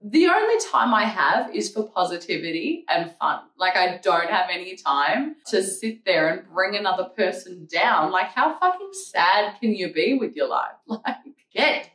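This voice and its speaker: A woman's voice: mid-range voice, sing-song, unhurried, few pauses, a bit bright. A young woman vlogger ranting back at comments in a sarcastic, profane, mocking way. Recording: echoey room, mic at a distance.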